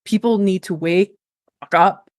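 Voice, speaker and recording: A woman's voice: medium pitch, fairly even intonation, takes it slowly, dry recording, studio quality. A woman guest on a podcast interview, a nutrition coach talking in a blunt, emphatic way with casual swearing.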